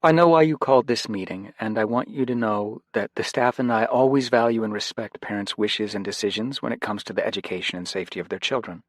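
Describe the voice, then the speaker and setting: A man voicing a warm woman pastor who runs a school, speaking in a measured, formal way in an audiobook. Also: lowish voice, no echo, clean studio sound, pitched above the performer's own voice, close to an everyday voice.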